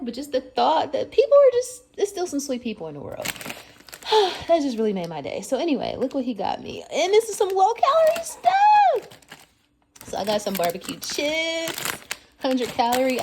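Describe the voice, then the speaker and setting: A young woman chatting casually in her vlog, excitable and quick to squeal and gasp. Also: medium pitch, a little hiss or hum. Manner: chatty and excitable, squeals and gasps when thrilled. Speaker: vlogger.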